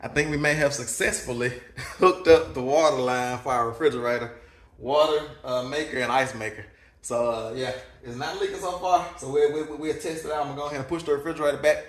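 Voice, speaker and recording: A man with a Southern US accent, casually vlogging from his kitchen at home as a father, chuckling and repeating words as he talks. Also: mid-range voice. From Mississippi, US.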